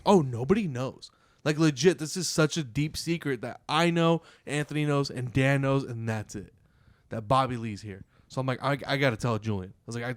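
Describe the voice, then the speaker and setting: A man co-hosting a podcast, telling an excited, profane story in casual chat. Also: mid-range voice, no echo. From California. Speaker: podcast co-host.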